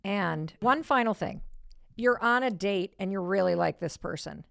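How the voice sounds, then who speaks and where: A woman's voice: medium pitch, expressive, moderate pace, creaky, a bit bright, no echo, clean studio sound. A woman hosting a podcast interview, prompting her guest with short questions. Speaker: podcast host.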